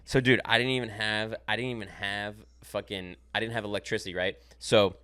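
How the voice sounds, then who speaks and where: Young male podcast host, low voice, fast talker, animated and profane storyteller. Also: smooth. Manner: animated, profane, laughs through his stories.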